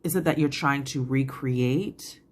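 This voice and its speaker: A woman's voice: a bass voice, a little slow. A woman from Bermuda, telling a story to camera in a rambling, reflective way. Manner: rambling, reflective, many restarts and "like". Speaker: channel host.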